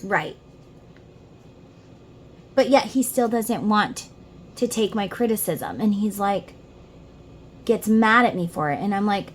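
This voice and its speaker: A woman's voice: medium pitch, expressive, takes it slowly, long pauses, a little hiss or hum. A middle-aged woman giving a casual tarot reading, talking earnestly and straight to the listener. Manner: earnest, heartfelt, addresses the listener directly. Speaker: tarot reader.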